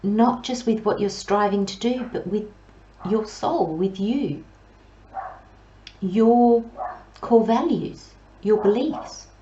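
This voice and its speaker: A woman giving a pick-a-card tarot reading in a slow, gentle, soothing way, with long pauses and soft near-whispers. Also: mid-range voice, roomy sound, lo-fi sound. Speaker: tarot reader.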